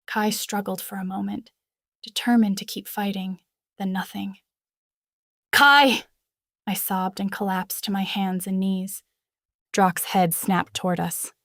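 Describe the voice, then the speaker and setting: Slow, dry-voiced woman narrating a fantasy novel. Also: mid-range voice, no room sound. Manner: dramatic, expressive reading. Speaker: audiobook narrator.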